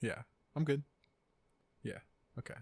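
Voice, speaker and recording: A man co-hosting a casual podcast, chatting loosely and swearing, now and then acting out a scene in a loud high voice. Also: lively intonation, measured pace, creaky, no room sound. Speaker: podcast co-host. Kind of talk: casual chat. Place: home podcast setup. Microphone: studio mic up close.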